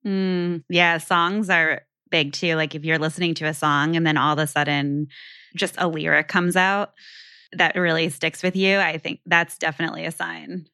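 A woman with a low-pitched voice that still sounds bright and sharp, talking on a podcast. Her tone is crisp and smooth, recorded dry and close with no room sound. She backs up her co-host with eager agreement and easy laughter. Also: steady tone, no echo. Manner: encouraging, affirming, quick to agree and laugh. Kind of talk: casual conversational podcast chat.

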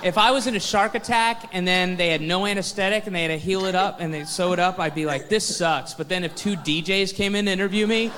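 A man's voice: sits high, fast, few pauses, pushed and bright, slight background noise. Profane ranting stand-up comedian man. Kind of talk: stand-up routine. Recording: stand-up clip with long hall reverb.

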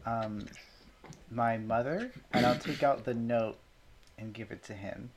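Slow hesitant woman playing a tabletop game, lotsa ums, faint noise. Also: extremely low pitch, a little mellow. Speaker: player.

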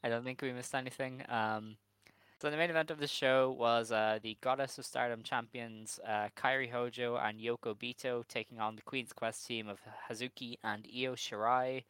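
A man's voice: mid-range voice, fairly even intonation, moderate pace, a bit bright, clean tone, no room sound. A man co-hosting a podcast, chatting in a laid-back, amused way and swearing casually. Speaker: podcast co-host. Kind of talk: casual chat recapping wrestling.

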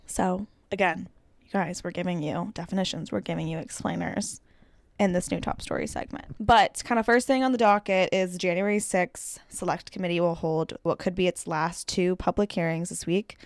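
Chatty young American woman, lowish voice. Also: steady tone, moderate pace, no room sound. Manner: chatty, lots of "like". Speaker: podcast co-host. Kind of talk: casual news chat.

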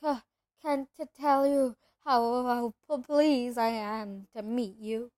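A timid, pale young wizard teacher from a storybook, tripping over his words in a halting, jittery stammer, as a woman acts him out. The voice sits high and the sound is close and dry. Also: a little mellow, no room sound. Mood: nervous. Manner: stammering, hesitant, slow.

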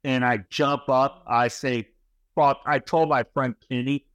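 A middle-aged man with a voice of ordinary pitch tells a story in loose, rambling chat, full of swearing and checking in with "right?" and "bro". The sound is dry and close, with little room echo. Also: fairly even intonation, a little slow, a bit bright, clear, resonant tone. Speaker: podcast guest. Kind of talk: casual profane storytelling.

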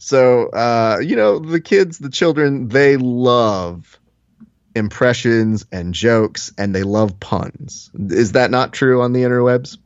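A man's voice: medium pitch, slow pace, clear, resonant tone, no room sound. A man co-hosting a podcast in casual chat, joking and rambling with lots of fillers, recorded with a slightly dull lo-fi sound. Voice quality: jokey, rambling, with many "uh" fillers. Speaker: podcast co-host.

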